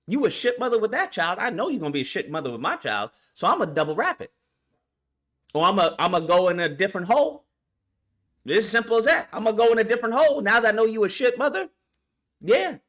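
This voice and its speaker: A man's voice: high-pitched, sing-song, quick pace, fairly bright tone. A man vlogger ranting bluntly and profanely in a commentary video, full of rhetorical questions.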